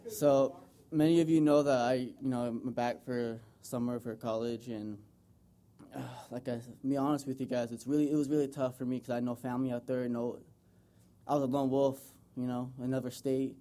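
A young American man, his voice mid-range, dark and fairly even, speaks briskly as he gives an earnest, rambling tribute to his mother before a group. It's an informal public speech packed with fillers.

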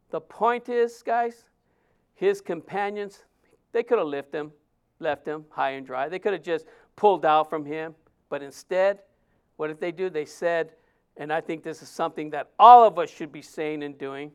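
A male pastor delivers a sermon in a conversational, emphatic way. His voice sits high for a man and sounds smooth and resonant. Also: moderate pace. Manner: conversational, emphatic, acts out quotes.

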